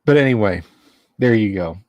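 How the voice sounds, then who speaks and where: A man hosting a casual livestream from a home studio, rambling and teasing his chat, halting with fillers. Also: lowish voice, expressive, a little mellow, no echo, dull audio. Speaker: livestream host.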